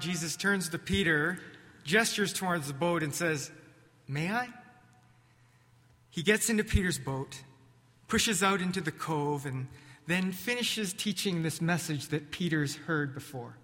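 A man preaching, retelling a scripture story vividly as he guides listeners through a reflection. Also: sits high. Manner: vivid, animated narration with slow pauses. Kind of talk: dramatic sermon storytelling. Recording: echoey hall reverb.

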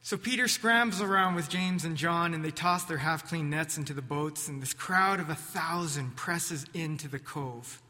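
A man preaching, retelling a scripture story vividly as he guides listeners through a reflection. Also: a little high. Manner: vivid, animated narration with slow pauses. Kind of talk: dramatic sermon storytelling. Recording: echoey hall reverb.

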